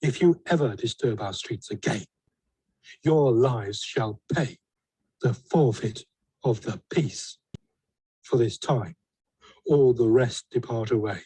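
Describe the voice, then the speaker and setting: A stern prince laying down the law in a Shakespeare audio drama. His voice is husky and unhurried, and each verse line is declaimed with measured weight. The recording is dry and close. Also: mid-range voice, mellow, no echo, rough recording. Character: stern commanding male prince, ruler of the city.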